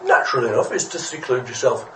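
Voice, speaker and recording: A man's voice: medium pitch, very animated, fast, a bit bright, a little hiss or hum. A man preaching a rambling, good-humoured parable in a church. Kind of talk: storytelling sermon. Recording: echoey room from a distance.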